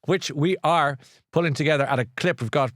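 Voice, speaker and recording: A man's voice: fairly high pitch, a little fast, a bit bright, dry recording, studio quality. A middle-aged Irish man hosting a podcast, chatting in a rambling way with many restarts and self-corrections. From Ireland. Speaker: podcast host. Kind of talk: casual chat, book recommendation.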